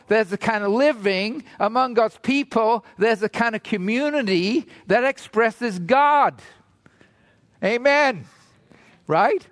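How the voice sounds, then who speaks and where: Pastor, male, high-pitched voice, slow deliberate delivery, dry close sound, conversational sermon peppered with "right?". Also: fairly bright tone, no room sound. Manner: conversational preaching, frequent "right?" asides, rhetorical questions. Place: church hall in Toronto.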